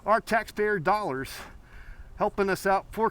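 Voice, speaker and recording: Man, painting show host, high voice, rambling, playful, live call-in. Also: expressive, moderate pace, fairly bright tone, no echo. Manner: rambling, playful, many fillers and restarts.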